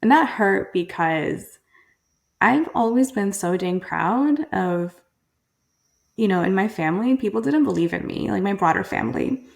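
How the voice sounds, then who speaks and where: A woman's voice: medium pitch, a little slow, creaky. A young woman telling her story as a podcast guest, earnest and candid, often restarting sentences and acting out family members as she quotes them. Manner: earnest, frequent restarts and "like", quoting family in lively voices.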